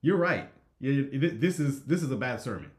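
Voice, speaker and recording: A man's voice: medium pitch, expressive, a little fast, echoey room. A man hosting a live stream, talking casually with frequent "right?" checks and reading viewers' comments aloud. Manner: conversational, frequent "right?" checks, reads chat. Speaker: host.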